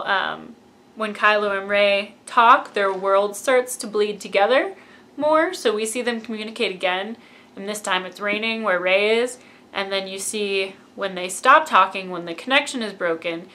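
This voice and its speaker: Bright fangirl woman gushing about a movie, casual vlog review. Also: mid-range voice, unhurried. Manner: gushing, fan-like, acts out quoted lines. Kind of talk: casual chatty film review.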